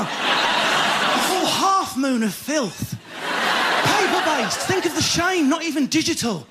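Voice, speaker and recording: Essex male stand-up comic, very high pitch, rapid and animated, loud noisy stage recording. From Essex, England. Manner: fast, animated, bursts into shouts. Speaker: stand-up comedian. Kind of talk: stand-up comedy set. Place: comedy stage before an audience.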